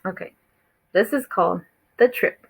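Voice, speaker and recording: A woman teacher who is reading a picture book aloud to her students, explaining things slowly and encouragingly. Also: medium pitch, gravelly, breathy edge, poor audio.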